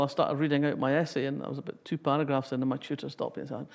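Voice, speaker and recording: A woman's voice: deep voice, fairly even intonation, fast, few pauses, darkish tone, slight background noise. Wry Scottish woman telling stories. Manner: wry, humorous storytelling. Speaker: author giving a talk. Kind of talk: public talk, reading then anecdotes.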